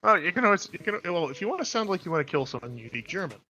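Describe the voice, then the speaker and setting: A man joking around in casual podcast banter, laughing often between lines. His voice is bright and forward. It sits a touch higher than most men's. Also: very animated, very fast, soft background music.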